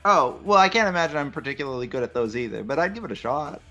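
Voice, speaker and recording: A woman's voice: low-pitched, animated, fast talker, fairly bright tone, dull audio, soft background music. A woman in a group stream, chatting casually in a self-deprecating, laughing way. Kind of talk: casual chat.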